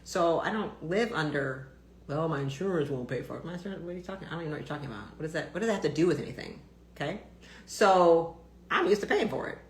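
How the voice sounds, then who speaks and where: A woman's voice: fairly low pitch, animated, fast, reverberant, slight background noise. A woman doctor ranting bluntly on a casual live stream, swearing freely and talking with lots of fillers and restarts.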